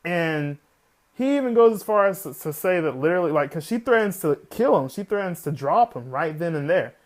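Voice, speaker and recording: A man with a slightly high voice reviews an anime episode in a loose, excitable ramble. He keeps circling back with "literally" and drops the odd swear word as he gets worked up. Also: fairly quick. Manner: swears casually.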